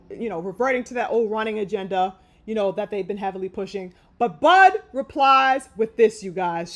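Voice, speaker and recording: Animated woman ranting about boxing. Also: on the high side. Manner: heated, emphatic, profane ranting. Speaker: boxing commentary host. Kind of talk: live opinion commentary.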